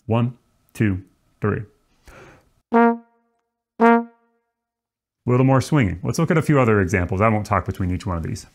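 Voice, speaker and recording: Relaxed man teaching jazz rhythm. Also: lowish voice, very fast, gravelly, few pauses, soft background music. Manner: relaxed, demonstrative, counts off and sings rhythm syllables. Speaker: trombone teacher. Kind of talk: music lesson.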